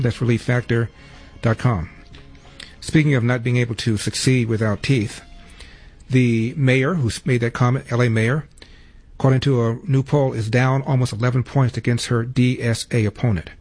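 A man hosting a talk radio show, giving sardonic commentary and reading ads in a brisk manner. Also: medium pitch, fairly even intonation, darkish tone, soft background music. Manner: brisk, sardonic delivery with ad reads. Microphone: studio microphone.

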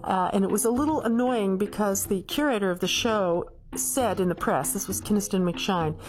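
A woman telling how things stood in the art world, in a measured, matter-of-fact way. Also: mid-range voice, darkish tone. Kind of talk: recounting history in a clip.

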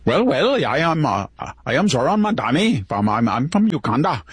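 A man doing a mocking impression of a male politician, with a put-on foreign accent, halting and repetitive speech, and an exaggerated stammer. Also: a little high, very animated, husky, dry recording, pitched above the performer's own voice, full character voice.

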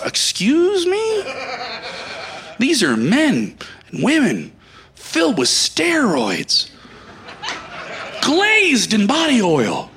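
A man doing a stand-up comedy set on a club stage, ranting loudly with lots of animation. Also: very high voice, wildly swooping pitch, takes it slowly, long pauses, a little hiss or hum.

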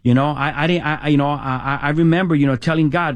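A man's voice: on the high side, steady tone, fast talker. A man telling his own life story as a testimony, with many restarts and fillers, and voicing friends' lines in casual street slang. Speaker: testimony speaker.

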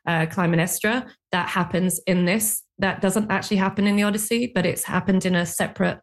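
A woman of mid pitch jumps eagerly into a casual podcast talk. She works through her ideas out loud, often hedging and going back over her words. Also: fairly even intonation, fairly quick. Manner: eager, apologetic, thinks aloud. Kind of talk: casual discussion.

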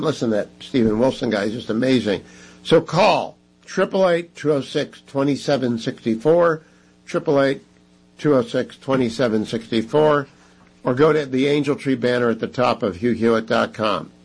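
A man hosting a talk radio show, making brisk, emphatic appeals to listeners with chatty asides. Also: medium pitch, a little mellow, breathy edge, poor audio. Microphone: studio microphone.

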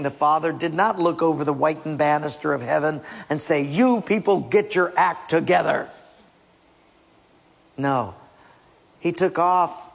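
A male preacher delivers a sermon with a gravelly, raspy voice. He is urgent and emphatic, moving from hushed asides to loud exhortation. His words ring with long reverb in a large hall. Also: medium pitch.

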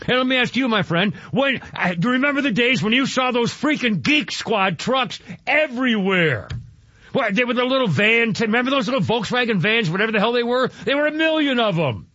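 A man's voice: very high voice, lively intonation, fairly quick, pushed and bright, no echo, lo-fi sound. An eighty-year-old man telling an exasperated, rambling story in a casual radio monologue, grumbling and tossing in sound-effect words. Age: 80s.

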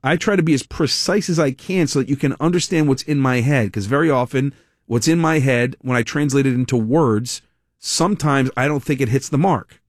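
A man hosting a talk radio show, speaking in an animated monologue full of sarcastic asides and self-corrections. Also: mid-range voice, brisk, no echo, studio quality. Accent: American. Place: radio studio. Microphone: studio microphone.

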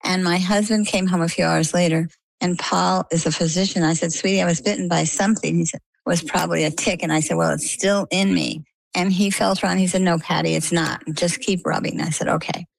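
Low, gravelly older woman telling a story. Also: steady tone, a little fast, no echo. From coastal Maine. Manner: chatty, vivid retelling with quoted dialogue. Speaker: interview guest. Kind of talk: conversational storytelling.

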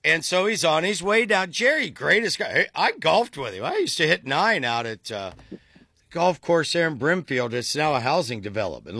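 A man's voice: mid-range voice, pushed and bright, dry recording. Wry middle-aged man, dry close voice. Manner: wry storyteller, dry jokes. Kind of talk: casual sports chat.

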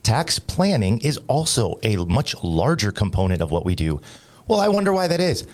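A man's voice: fairly low pitch, sing-song, moderate pace, darkish tone. A man hosting a financial radio talk show, emphatic and jokey as he explains tax planning.

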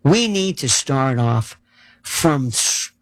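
A man's voice: medium pitch, lively intonation, slow pace, low-quality recording. A male political commentator delivering a sarcastic monologue and rattling off long lists of issues.

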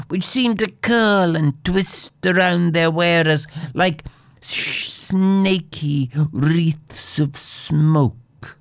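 A man's voice: fairly high pitch, no echo, clean studio sound. A man reading an old fairy tale aloud in a dramatic way, dropping into whispers at tense moments. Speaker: storyteller.

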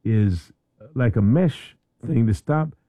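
A man's voice: medium pitch, takes it slowly, no echo. A man hosting a radio talk show in a studio, chatting casually and often repeating words as he goes. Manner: animated, repeats words and restarts.

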